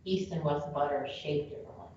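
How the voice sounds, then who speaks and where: A woman's voice: sits low, fast talker, warm tone. A woman chatting casually, telling stories with jokey asides. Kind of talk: casual chat. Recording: echoey room, far from mic, dull lo-fi, faint noise.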